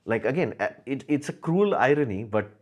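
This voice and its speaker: A man's voice: mid-range voice, animated, a little fast, a little mellow. A young man hosting a casual livestream chat, musing aloud with lots of fillers. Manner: rambling, musing, frequent fillers and laughs. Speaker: livestream host. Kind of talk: casual live chat answering viewers.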